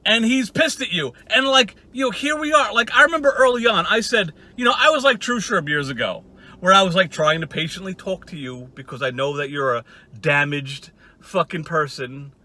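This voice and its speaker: A man rambles through a sarcastic, profanity-laced rant for his channel audience. His voice sits high and sounds bright and forceful, and he keeps it conversational even at his most scornful. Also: moderate pace. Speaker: channel host. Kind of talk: casual ranting commentary.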